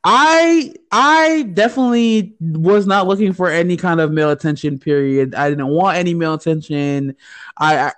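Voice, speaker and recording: A woman's voice: fairly low pitch, normal speed. A woman from the United States co-hosting a podcast, telling a story in casual chat, profane and often laughing. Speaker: podcast co-host.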